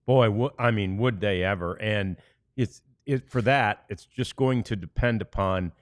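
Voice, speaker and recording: An American man hosts a sports podcast, chatting casually and unhurriedly with many fillers and also reading ads. His pitch is fairly low, and the recording is dry and studio quality.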